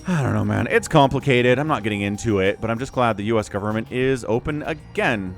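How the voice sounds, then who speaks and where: A man's voice: medium pitch, fairly quick, creaky, soft background music. A man casting a strategy game match on his own, chatty and rambling, often correcting himself mid-sentence. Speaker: game caster. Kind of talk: solo esports commentary.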